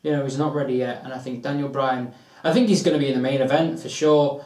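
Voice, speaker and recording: A man's voice: mid-range voice, steady tone, fast, a little mellow, echoey room, distant mic, rough recording. A man co-hosting a wrestling predictions show, debating casually and hammering his points home through repetition. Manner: argumentative, builds points with repetition. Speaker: co-host of a wrestling predictions channel.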